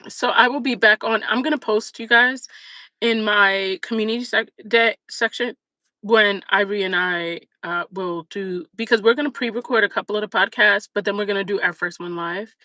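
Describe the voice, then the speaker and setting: A woman chats straight to her viewers as a livestream host, spinning a story with lots of fillers and lively asides. Her voice is bright and forceful. The sound is close and dry, with no room around it. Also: mid-range voice, normal speed, no echo, rough recording. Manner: chatty, animated, many fillers. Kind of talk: casual storytelling chat.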